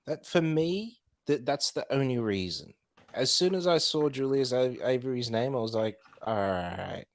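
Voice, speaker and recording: A man co-hosting a casual podcast, his pitch bouncing all over the place. He rambles in an animated way and swears freely, at a middle pitch. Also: moderate pace. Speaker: podcast co-host. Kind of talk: casual chat.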